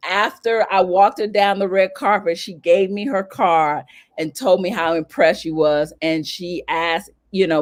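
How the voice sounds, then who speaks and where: A woman from North Carolina, a celebrity publicist telling stories as an interview guest, animated and acting out what people said in a raised voice. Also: medium pitch. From North Carolina, USA. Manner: animated, acts out quotes in a raised voice. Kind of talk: storytelling in an interview.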